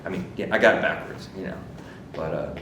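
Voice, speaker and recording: A man's voice: low voice, brisk, noisy background. A man who races motorcycles, telling rambling stories in a casual interview, laughing often and saying "like" a lot. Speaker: motorcycle racer.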